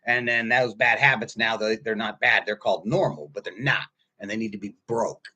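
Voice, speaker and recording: A man in his fifties giving a casual sermon, telling stories in a husky voice that swings from quiet asides to loud bursts. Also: on the low side, normal speed. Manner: animated storytelling, swings from quiet to loud, laughs often. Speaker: pastor.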